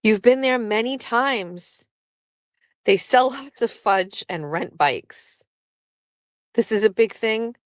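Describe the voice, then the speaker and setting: Her voice sits on the high side as she takes things slowly with long pauses, and there's no room sound. This southeastern Massachusetts woman hosts a show with loose, rambling talk, cursing freely and laughing often in a lively way.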